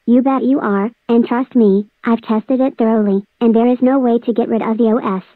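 A woman's voice: a little high, steady tone, normal speed, dry recording, lightly acted. A synthetic female text-to-speech voice playing a gloating villain who spreads a spammy operating system, taunting and threatening. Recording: dry tinny phone-like audio.

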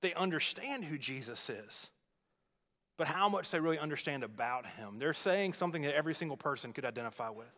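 A pastor preaching a sermon, retelling a scripture story in a conversational, explaining way. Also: male voice, fairly high pitch, pushed and bright. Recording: long reverb of a large hall.

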